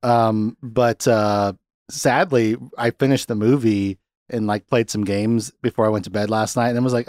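Podcast co-host, male, relaxed and chatty, quick to laugh, dry close recording. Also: lowish voice, dry recording. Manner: laughs often, puts on voices when quoting people. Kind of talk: casual chat.

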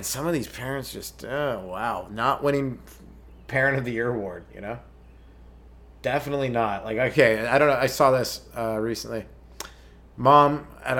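A Canadian man in his thirties hosts a comedy podcast, rambling through stories in a loose monologue. He keeps breaking into quick, silly put-on voices for the people he describes. His own speaking voice sits at an ordinary middle pitch. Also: a bit bright. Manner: riffing, acting out characters in quick put-on voices. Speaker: stand-up comedian hosting a podcast.

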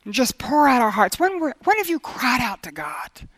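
High-voiced earnest woman preaching. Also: sing-song, normal speed, fairly bright tone, no room sound. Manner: earnest, with quoted prayers acted out. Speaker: Bible teacher. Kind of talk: sermon.

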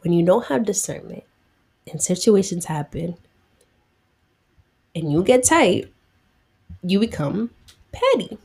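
A woman's voice: on the low side, vocal fry, darkish tone. A young woman retelling a Bible story in a chatty, slangy way, acting out the characters' lines.

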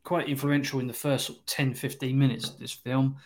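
A man co-hosting a casual film chat, blunt and dry, with crude jokes and hesitant pauses. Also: medium pitch, little pitch movement.

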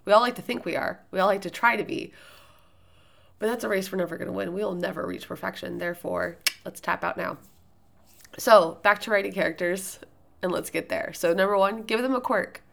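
A loud-voiced woman hosting a podcast, giving writing tips in casual, rambling solo talk with plenty of fillers and restarts. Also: mid-range voice, brisk, gravelly.

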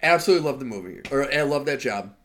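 A man's voice: medium pitch, expressive, fast talker, fairly bright tone. A man co-hosting a casual podcast, rambling through movie stories and laughing as he retells scenes. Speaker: podcast co-host. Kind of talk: casual chat.

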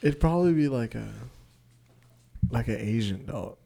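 A man's voice: mid-range voice, expressive, moderate pace, creaky, mellow. A man co-hosting a podcast in casual, crude, joking chat. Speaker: podcast co-host.

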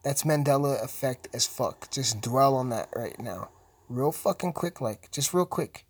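A young man rambles through casual commentary while high, cursing freely and cracking jokes. His voice sits at an ordinary middle pitch. It is recorded close and dry, with no room echo. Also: measured pace, slightly rough. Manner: profane, joking, rambling. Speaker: video host.

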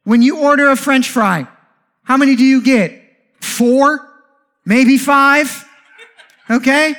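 High-pitched man, pastor preaching, animated, joking asides, rhetorical questions. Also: slow pace. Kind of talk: sermon.

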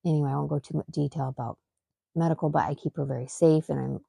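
A woman's voice: sits low, steady tone, fast, gravelly, mellow, slightly rough, no echo. A woman and mother hosting a podcast, telling a story in a rambling, emphatic way, full of fillers and restarts. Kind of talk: casual storytelling.

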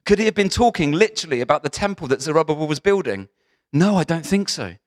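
A pastor with a slightly high voice preaches quickly and in a lively, conversational way, often turning to the congregation with asides.

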